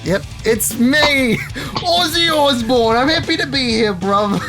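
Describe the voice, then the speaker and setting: Brief: loud, strutting rock-star caricature, put on by a podcast host, swooping delivery. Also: male voice, very high-pitched, animated, slow, music in the background, pitched above the performer's own voice, heavily acted. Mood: boastful. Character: sweaty rocker man in the style of a famous singer, boastful.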